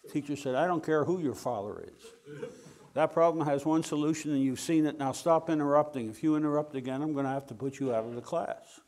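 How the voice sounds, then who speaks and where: An older man telling a wry, animated anecdote to an audience, acting out the dialogue as he goes. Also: fairly high pitch, fairly quick. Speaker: speaker telling a story to an audience. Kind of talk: anecdotal storytelling talk.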